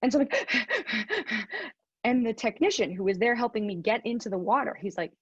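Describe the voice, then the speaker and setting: Husky-voiced woman telling a lively story. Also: on the high side, moderate pace, no room sound, lo-fi sound. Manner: animated, laughs often while telling the story. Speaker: motivational speaker. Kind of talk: storytelling keynote talk.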